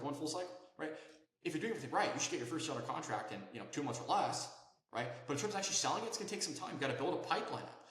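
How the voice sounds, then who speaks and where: A man's voice: fairly high pitch, a bit bright, reverberant, low-quality recording. A man coaching viewers on land investing in an emphatic, instructional way, checking in often with "okay?" and "right?". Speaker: land investing sales consultant. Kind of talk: instructional talk to camera.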